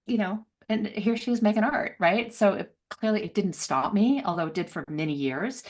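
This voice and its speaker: A middle-aged woman telling a personal story as an interview guest, laughing often and acting out voices with big jumps in pitch. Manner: laughs often, many fillers.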